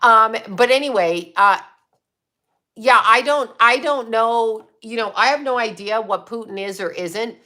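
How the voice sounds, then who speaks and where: Bright-voiced, blunt woman chatting on a livestream. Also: on the high side, measured pace. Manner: rambling, blunt and profane, with frequent laughs. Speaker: psychic medium livestream host. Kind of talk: casual livestream chat answering viewers.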